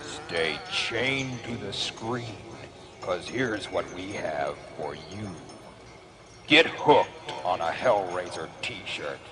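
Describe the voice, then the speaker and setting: A man voicing a spooky horror-merchandise ad announcer with a slow, creepy, menacing delivery, played from an old tape. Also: sits low, lively intonation. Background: music.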